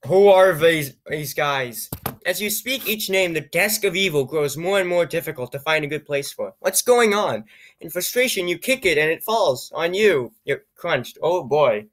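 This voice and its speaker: A man reading an odd, computer-written story aloud, with low-key, wry remarks on the text and frequent stumbles over words. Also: lively intonation, normal speed, a bit bright. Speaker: YouTuber reading AI-generated stories. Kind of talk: comedic reading with asides.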